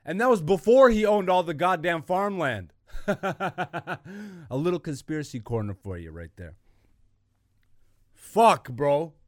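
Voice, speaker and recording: A man hosting his own podcast, ranting with exasperation and plenty of profanity. His voice sits a bit high for a man and keeps jumping into loud bursts. The recording is dry and close, with no room sound. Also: big pitch swings, measured pace, long pauses, no echo. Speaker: podcast host. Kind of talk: ranting casual monologue.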